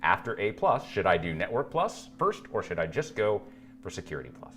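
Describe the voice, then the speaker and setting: A man's voice: lowish voice, big pitch swings, a little fast, a bit bright, faint music behind. A man co-hosting a live stream, reading viewer questions aloud and bantering playfully.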